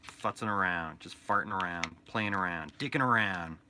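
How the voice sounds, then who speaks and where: A man's voice: sits low, moderate pace, background noise. A man chatting casually and playfully in a vlog about painting and making toys. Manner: rambling, playful, joking aside. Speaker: toy artist and painter.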